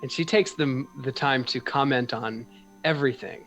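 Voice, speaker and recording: Brief: man running a tabletop game, halting and descriptive. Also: medium pitch, a bit bright, faint music behind. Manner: hesitant, with many fillers. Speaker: game master.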